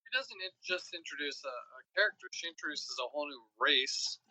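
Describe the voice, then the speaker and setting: Bright-voiced man in wry chat. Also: a little high, animated, a little fast, no room sound, low-quality recording. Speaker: podcast co-host. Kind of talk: casual book discussion.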